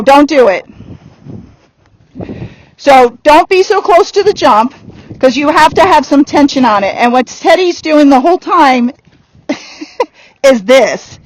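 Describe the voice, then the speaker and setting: High-pitched woman trainer; direct, upbeat coaching in an outdoor arena. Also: poor audio. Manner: direct coaching with quick laughs. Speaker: horse trainer. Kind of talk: giving a riding lesson.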